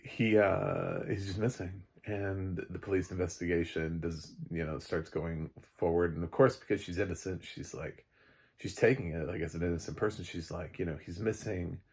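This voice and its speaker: Deep, gravelly male film reviewer. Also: steady tone, normal speed, darkish tone. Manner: rambling and joking, with frequent fillers and profanity. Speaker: movie reviewer. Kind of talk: casual spoken film review.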